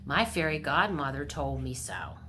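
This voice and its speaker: A humble young hole digger speaks plainly and earnestly, as a woman reader puts him on. His voice is soft and a little low. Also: big pitch swings, moderate pace, background noise.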